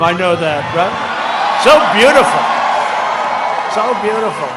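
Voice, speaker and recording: High-voiced older man shouting at a rally. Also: very animated, measured pace, noisy background. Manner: rambling, boastful and mocking, with emphatic shouted lines. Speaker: politician addressing a rally. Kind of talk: campaign rally speech. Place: large outdoor rally. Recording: echoing PA sound over a loud crowd. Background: crowd ambience.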